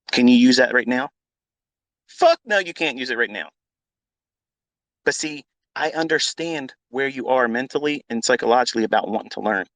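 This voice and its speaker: A middle-aged man with a medium-pitched voice, hosting a live audio chat as a trading educator, goes on a blunt, profane, unscripted rant. He repeats himself and swings into loud outbursts. The recording is dry and low quality.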